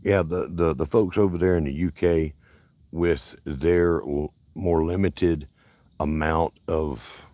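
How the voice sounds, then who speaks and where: With a slow bass voice, dark tone and fairly even intonation, recorded without echo, an Alabama man hosts a livestream outdoors at a park. His Southern-accented chat is folksy, meandering and self-interrupting.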